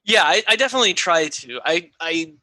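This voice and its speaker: Very bright-voiced man, casual and halting. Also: sits high, animated, no echo. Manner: casual, stumbles and repeats words. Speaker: podcast panelist and tabletop player. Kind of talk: casual podcast chat.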